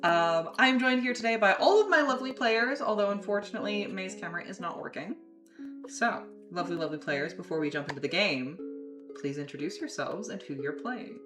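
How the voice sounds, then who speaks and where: A woman running a tabletop horror game as game master, recapping at an unhurried pace. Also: medium pitch, lively intonation, over music.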